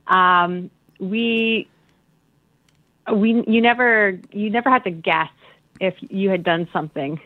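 A woman's voice: mid-range voice, slow, long pauses, no room sound. Candid woman, choked up, on a tinny line. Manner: animated, candid, laughing often. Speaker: daughter. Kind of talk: emotional interview. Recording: dry phone-like line.

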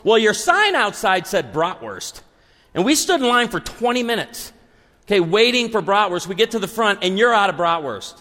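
Older guy grumbling at a restaurant, high-pitched, echoey hall, as a preacher puts him on. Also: sing-song, moderate pace, sharp tone, heavily acted. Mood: annoyed. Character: grumpy older male restaurant customer.

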